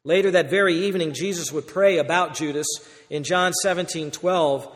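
A man's voice: a little high, normal speed, big-room sound. A man preaching an earnest, explanatory sermon, stressing key words.

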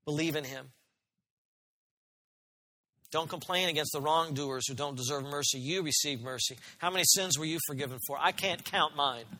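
A man's voice: on the high side, normal speed, pauses often, bright, forceful tone, in a large hall, slight background noise. A man preaching a sermon as pastor, earnest and emphatic, often asking his listeners questions.

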